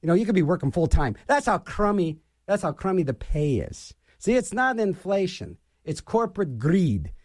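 A man's voice: high-pitched, sing-song, moderate pace, hardly any pauses, darkish tone, no echo, studio quality. A middle-aged man hosting a radio show and delivering an opinionated political rant, scornful and repeating his phrases for emphasis.

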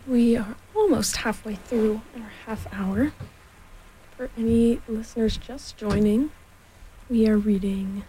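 A woman with a breathy voice reading a children's storybook aloud, gentle and unhurried, from home on a laptop mic. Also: a little high, slight background noise, low-quality recording. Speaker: storybook reader.

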